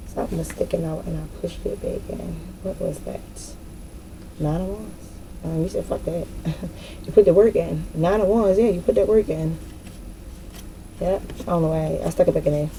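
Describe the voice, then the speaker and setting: A woman's voice: on the low side, warm tone, slight background noise, low-quality recording. A woman giving a casual tarot reading straight to her viewers, swearing freely and laughing often. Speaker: tarot reader.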